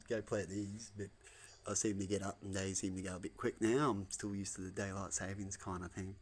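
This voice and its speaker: A man talking loosely at home, repeating himself and tagging lines with "right?". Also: on the low side. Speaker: vlogger. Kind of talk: rambling casual monologue. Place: at home indoors.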